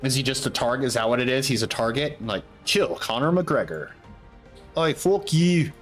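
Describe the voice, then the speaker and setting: A man's voice: mid-range voice, expressive, a little fast, fairly bright tone, soft background music. A young man streaming a game, muttering to himself and rambling with lots of fillers in casual commentary.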